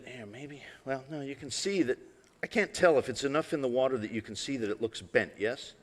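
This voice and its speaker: A man's voice: medium pitch, a bit bright. A man giving a live stage talk as an illusionist presenter, playful and conversational, often asking the audience questions. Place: large hall with live audience. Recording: long hall reverb.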